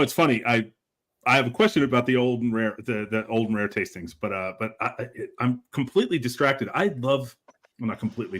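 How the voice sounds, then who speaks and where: A man hosting a casual live show, chatting enthusiastically and telling stories. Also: mid-range voice. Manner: enthusiastic storyteller, laughs easily. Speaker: host. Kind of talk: casual chat.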